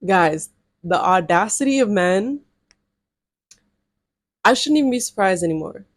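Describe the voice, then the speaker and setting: A woman's voice: medium pitch, animated, measured pace, dry recording. Young woman spilling dating tea, sassy and blunt, lots of slang, dry close sound. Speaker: storytime vlogger. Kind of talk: casual storytelling to camera.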